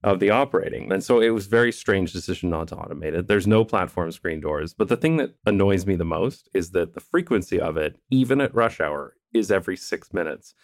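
Chatty co-host, man, low voice, dry close sound, explains things at length. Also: animated, brisk, few pauses, no room sound. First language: English. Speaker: podcast co-host. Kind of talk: casual conversation.

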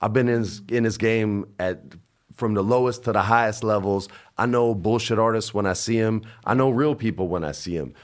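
A man in his forties, a podcast guest telling stories in casual chat, swinging from hushed to loud. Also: lowish voice, brisk. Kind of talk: casual storytelling.

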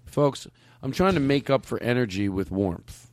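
A man's voice: medium pitch, lively intonation, moderate pace, darkish tone, no echo. A man hosting a podcast, bantering with his co-hosts in a laid-back, joking, self-deprecating way. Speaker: podcast host.

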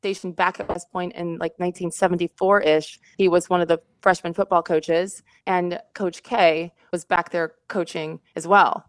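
A woman in her fifties from Indiana, a sportscaster telling a story as a podcast guest, quick and animated, laughing often and restarting her sentences. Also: fairly low pitch, clean tone, no echo. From Indiana, USA.

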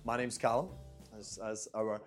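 A man's voice: fairly low pitch, fairly even intonation, moderate pace, music in the background. A Scottish man in his twenties presenting a tasting to a live audience, chatty and repeating phrases for emphasis. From Scotland. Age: 20s. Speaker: brand ambassador presenting a tasting. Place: event room with a live audience.

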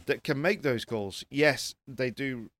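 A man talking rally as a pundit in casual panel chat, animated and repeating words as he presses his points. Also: medium pitch, slow, no room sound.

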